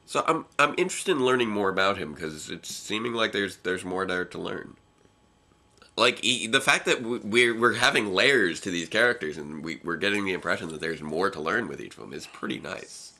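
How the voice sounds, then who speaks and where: Lively low-voiced young man co-hosting. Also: moderate pace. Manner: rambling, restarts sentences, laughs often. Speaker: co-host reviewing episodes. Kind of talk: casual chat reaction.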